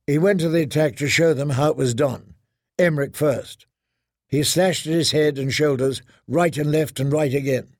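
A man narrating a fantasy audiobook in a steady, measured way. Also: a little high, no echo, clean studio sound.

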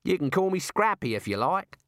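A man's voice: high-pitched, very animated, fairly quick, a bit bright, dry recording, studio quality, pitched above the performer's own voice, heavily acted. A man voicing a wily, chummy male talking kangaroo, coaxing and knowing in manner.

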